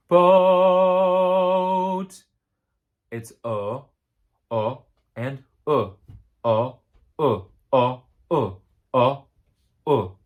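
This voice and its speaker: A man's voice: medium pitch, phone-quality sound. Man teaching a singing lesson. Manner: explains step by step, sings demo words. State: tired voice.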